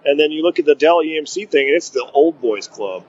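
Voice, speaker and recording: A man's voice: on the high side, expressive, fairly quick. A man co-hosting a podcast, talking casually about the tech industry with a rambling, joking style full of filler phrases. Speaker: podcast co-host. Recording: dull lo-fi audio.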